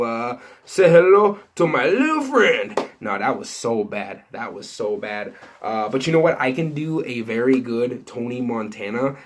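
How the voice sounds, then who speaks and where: A man hosting an entertainment news vlog, talking casually and rambling with many fillers and restarts. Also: mid-range voice. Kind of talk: casual unscripted chat to viewers.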